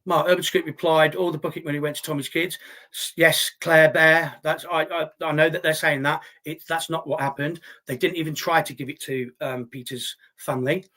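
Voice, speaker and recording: A man's voice: on the high side, level tone, moderate pace, few pauses, sharp tone. A middle-aged man hosting a live stream, reading chat comments aloud and answering them bluntly and argumentatively, swearing often. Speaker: livestream host reading chat.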